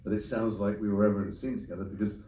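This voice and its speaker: A man, a voice actor on a convention panel, answering audience questions in a quick, rambling way. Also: fairly low pitch, fairly even intonation, dark tone. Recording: echoey hall, distant mic, faint noise.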